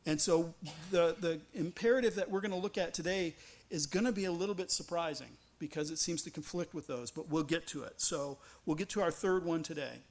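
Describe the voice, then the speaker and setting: A man's voice: on the high side, fairly quick. A man pastor preaching a sermon, earnest and conversational, often restarting phrases and asking rhetorical questions.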